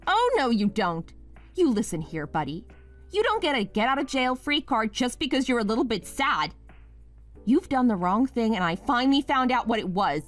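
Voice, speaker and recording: A woman's voice: a little high, big pitch swings, normal speed, faint music behind. A woman voicing a wife named Mia in a scripted drama, pleading at first and then sharply accusing her husband. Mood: furious.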